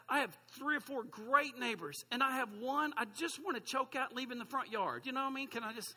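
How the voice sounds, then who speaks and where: A male pastor in his forties preaches a sermon, chatty and self-deprecating, tossing asides to the congregation. His voice sits high and bright with a husky edge, carried on a long reverberant hall sound.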